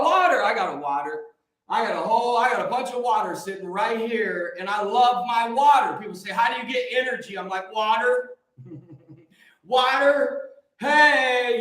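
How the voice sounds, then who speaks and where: Male livestream host, high voice, excitable preachy rambler, heavy room echo. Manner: excitable, preachy, jumps between topics. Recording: echoey room.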